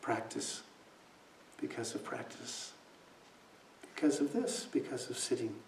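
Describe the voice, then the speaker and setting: In an echoey meditation hall, captured by a distant mic with faint noise, a male meditation teacher delivers a dharma talk. His medium-pitched voice is unhurried, creaky, and darkish. Recounting a personal story, he performs quoted voices and occasionally drops almost to a whisper.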